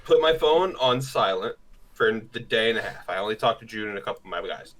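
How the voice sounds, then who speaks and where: Young male co-host, bright, lively storyteller with a crude mouth. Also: on the low side, fairly quick, rough recording. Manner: crude, animated, acts out quotes. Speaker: podcast co-host. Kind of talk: casual storytelling.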